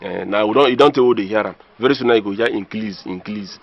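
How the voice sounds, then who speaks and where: An actor with a Nigerian accent playing a village vigilante in a comedy film, lecturing others in a husky voice. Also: male voice, fairly low pitch, fast talker, dull audio. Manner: lecturing, Pidgin-speaking. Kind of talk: Nollywood comedy film acting.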